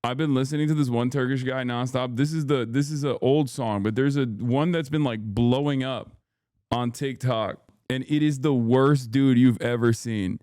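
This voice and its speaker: Male streamer, casual and joking, loose rambling delivery, mid-pitched, dry close sound. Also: moderate pace, dark tone, no echo. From United States. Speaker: streamer and political commentator. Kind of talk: casual live-stream chat, reading chat aloud.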